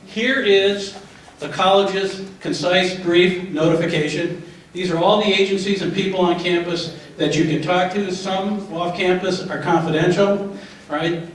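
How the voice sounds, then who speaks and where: A middle-aged man leads a staff training session in a lawyerly, questioning manner. His voice sits slightly high for a man. It is picked up from a distance in a strongly echoing room with faint background noise. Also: steady tone, unhurried. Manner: lawyerly, asks rhetorical questions and tags them with "right?". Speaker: trainer leading a staff workshop. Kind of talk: lecture with questions to the audience. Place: large echoey room. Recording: echoey room recorded from far off.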